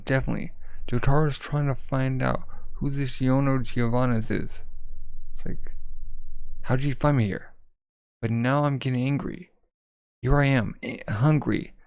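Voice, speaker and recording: A man with a gravelly, fry-laced voice reads a manga aloud in a relaxed, offhand way. He says the characters' lines and keeps breaking in to describe what happens in each panel. The sound is close and dry, with no room echo. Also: medium pitch, normal speed, pauses often. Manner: reads character lines in his own voice, narrates panels with "it's like". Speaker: manga reader. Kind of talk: casual read-aloud of a manga with commentary.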